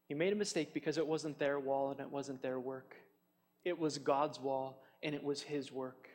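A man preaching a sermon, animated and chatty, acting out taunts with fillers and restarts. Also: mid-range voice, normal speed, in a large hall. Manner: animated, mocks enemies' taunts in a raised voice. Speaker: pastor.

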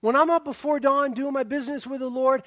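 Animated high-voiced male preacher. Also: fast, no echo, studio quality. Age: young adult. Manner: animated, swings from loud exclaiming to hushed near-whisper. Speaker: pastor. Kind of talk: sermon.

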